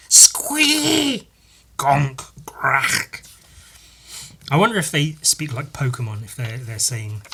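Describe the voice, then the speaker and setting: A man's voice: medium pitch, pushed and bright, a little hiss or hum. A man hosting a podcast, reading through a comic book in a casual, rambling, sweary way. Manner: rambling, sweary, laughing often. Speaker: podcast host.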